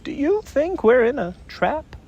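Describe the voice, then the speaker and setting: A man voicing a tiny, timid young male piglet in a squeaky, high, nervous voice for a storybook reading. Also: sing-song, unhurried, lo-fi sound, full character voice. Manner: nervous and trembling.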